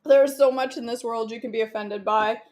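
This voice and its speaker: A cooking vlogger chats and jokes to herself while she cooks, giggling as she goes. Her voice is on the high side with a steady, darkish tone, and she talks a little fast.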